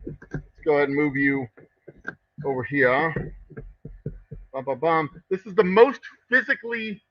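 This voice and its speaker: A man with a fairly high, slightly husky voice chats on a live stream from his distillery workshop while he works. He rambles with wry, self-mocking humor and swears freely. The sound is a little dull and lo-fi. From Texas. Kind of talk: casual live-stream chat while working.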